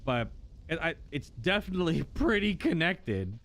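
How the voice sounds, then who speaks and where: A man hosting a casual gameplay commentary, thinking out loud and bursting into exclamations. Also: on the high side, very animated, moderate pace, a little hiss or hum. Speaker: gaming host.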